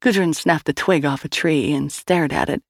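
A woman narrating a scripted story in an expressive, wry manner. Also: low-pitched, moderate pace, dry recording, studio quality. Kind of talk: scripted audio-drama narration.

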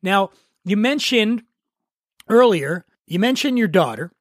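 A man's voice: high voice, expressive, measured pace, no room sound, studio quality. Playful man hosting a chatty podcast. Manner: playful, joking, quiz-show teasing. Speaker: podcast host. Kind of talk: casual chat.

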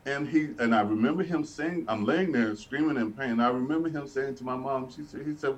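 An older man from Alabama, a podcast guest telling his life story in earnest, vivid detail that slows and softens at painful moments. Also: medium pitch. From Alabama, USA. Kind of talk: personal life story told in an interview. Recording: voice a little distant from the mic.

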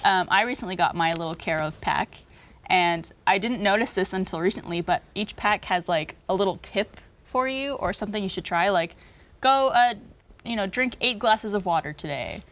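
A woman's voice: mid-range voice, expressive, normal speed, a bit bright. Upbeat, chatty young woman hosting a podcast. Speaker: podcast host. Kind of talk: casual chat with ad reads.

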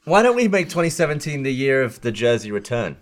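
Guy on a podcast, mid pitch, dry teasing jokes. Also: very animated, quick pace. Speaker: podcast co-host. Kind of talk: casual chat.

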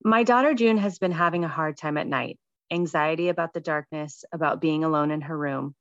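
A woman gently reading her own reflective personal essay. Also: deep voice, fairly quick, no room sound, dull audio.

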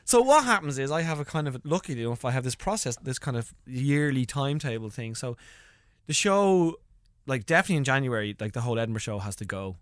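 An Irish man, a comedian being interviewed, telling stories in lively casual chat and acting out voices as he goes. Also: medium pitch, fast, no room sound, studio quality. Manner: animated storytelling, acts out voices, laughs often. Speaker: comedian guest.

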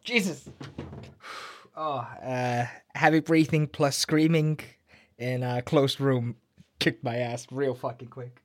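A man's voice: medium pitch, steady tone, takes it slowly, dry recording, studio quality. A man with an Icelandic accent bantering between takes of a recording session, playful, swearing freely and out of breath. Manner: playful, swearing freely, joking mock threats. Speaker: voice actor.

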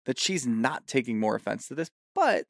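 A man in a chatty podcast recap whose voice has a gravelly edge and moves up and down a lot as he riffs on theories. The sound is dry and close. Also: mid-range voice, expressive, a bit bright, no room sound. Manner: chatty, theorizing, quick to riff. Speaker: podcast co-host. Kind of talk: casual recap chat.

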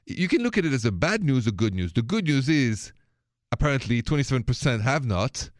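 Sing-song and fairly quick, this medium-pitched voice belongs to a middle-aged Frenchman with a heavy Parisian accent. He runs a radio advice show in a playful, talkative way, sprinkling in French words, and the studio audio is clean and echo-free.

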